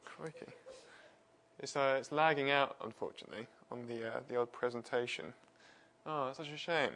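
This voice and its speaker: A man's voice: medium pitch, normal speed, fairly bright tone, slight background noise. A man presenting a science livestream on a wireless mic, chatting casually, self-deprecating and laughing often. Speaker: presenter and physicist.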